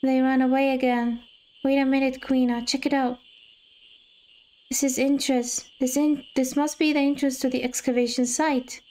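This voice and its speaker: Excitable high-voiced woman playing a game. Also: moderate pace, poor audio. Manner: excitable, gasping and squealing when scared; also reads game dialogue aloud. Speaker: gamer. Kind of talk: casual let's-play commentary. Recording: game music playing behind.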